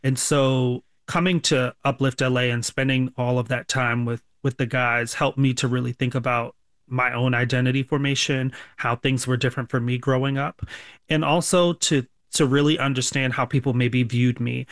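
A man speaks in a steady, flat-toned voice, measured and thoughtful as he answers an interviewer's questions. The sound is close and dry, with no room echo. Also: medium pitch. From Baltimore. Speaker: author and sociology professor, guest.

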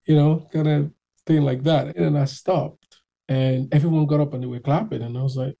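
A young man tells his story in animated, casual fashion, slipping into voices for the people he quotes. His voice sits a little high for a man but sounds mellow and dark, with plenty of gravelly fry. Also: normal speed. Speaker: singer telling his story.

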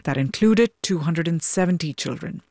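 A woman news correspondent reporting study findings in a clear, even way. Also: on the low side, moderate pace, no room sound, clean studio sound.

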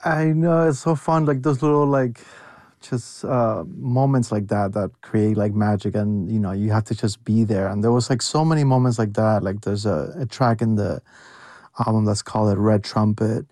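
A man's voice: fairly low pitch, normal speed, dark tone, no echo, studio quality. A young man, a music producer guest, speaking earnestly in a casual interview, with many fillers. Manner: earnest, filler-heavy, lots of "like".

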